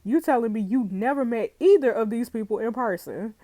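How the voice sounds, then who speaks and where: A woman's voice: on the high side, a little fast, warm tone, no room sound, close to an everyday voice. A woman reading the lines of a stern male police inspector pressing a suspect about her lies. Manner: firm, pressing.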